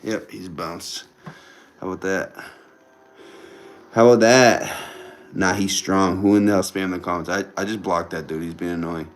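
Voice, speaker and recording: A young man hosts a casual livestream from home, with a TV on in the room. He reads viewer comments aloud, banters with them, and often repeats his phrases. His voice is deep, with little pitch movement, at a moderate pace.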